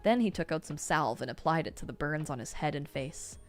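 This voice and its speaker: A woman reading a novel aloud on a stream, expressive and sometimes laughing. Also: low-pitched, fairly quick. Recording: faint music behind.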